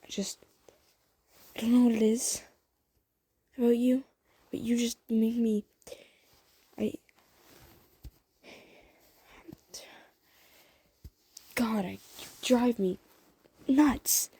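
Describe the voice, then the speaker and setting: A woman voicing a flustered young man who confesses his feelings in whispered role-play, halting and stammering through half-whispered lines. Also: medium pitch, fairly even intonation, mellow, slightly rough.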